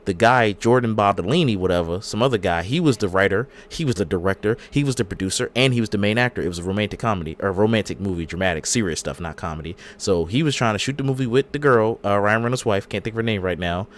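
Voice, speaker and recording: A man's voice: lowish voice, quick pace, hardly any pauses, a little hiss or hum. A man co-hosting a casual podcast, telling a long rambling story and acting out the quotes. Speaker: podcast co-host. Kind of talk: casual chat.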